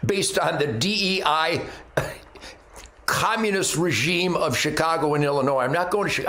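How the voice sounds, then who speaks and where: A man's voice: fairly high pitch, very animated, moderate pace, pushed and bright. Brash, combative ranting man. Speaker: commentary segment host. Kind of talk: ranting opinion monologue. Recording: roomy echo.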